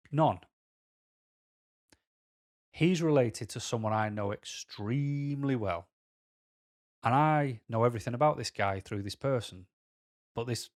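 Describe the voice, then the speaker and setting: A man with a Mancunian accent talks frankly to his camera, sharing a personal story. His mid-pitched voice wanders off into tangents and back in an unscripted, conversational way. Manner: rambling and candid, with tangents. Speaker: vlogger. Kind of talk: personal talking-to-camera monologue.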